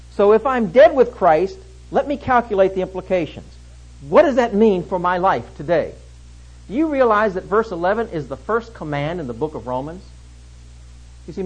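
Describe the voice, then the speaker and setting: A man preaching an expository sermon, emphatic, swinging between loud stresses and hushed lines. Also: high voice, husky, rough recording.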